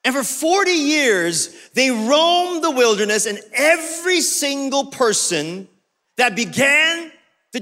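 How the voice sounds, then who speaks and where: A young man preaches in a high, bright, forceful voice, playful and joking as he tells his stories. His sermon rings through a church hall with a long, trailing reverb. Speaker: pastor. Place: church auditorium.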